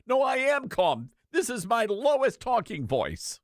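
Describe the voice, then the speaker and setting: A man doing a fretful high-voiced old man. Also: wildly swooping pitch, measured pace, no echo, studio quality, full character voice. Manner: high, strained, nervous rambling. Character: fretful older man, Bernie Sanders impression.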